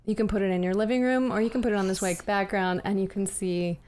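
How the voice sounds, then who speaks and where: A woman narrating a tabletop horror game as its keeper, animated and sometimes dropping to a hushed whisper for eerie details. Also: mid-range voice, quick pace, smooth.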